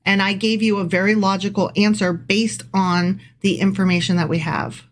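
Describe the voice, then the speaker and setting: A woman's voice: medium pitch, level tone, normal speed, slight background noise. A woman co-hosting a podcast, reading scripture aloud and mocking it in casual, profane, sarcastic chat. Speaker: podcast co-host.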